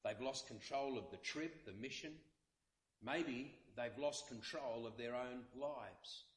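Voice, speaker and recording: A man's voice: medium pitch, slow, reverberant. A male pastor, possibly, delivering an earnest sermon with many repeated phrases. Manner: earnest, repetitive preaching with dramatic quotes.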